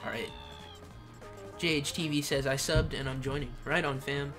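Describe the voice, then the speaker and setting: A young man livestreaming a kart racing game, reading chat and shouting during play. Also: on the high side, steady tone, normal speed, music in the background. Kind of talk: live gameplay streaming.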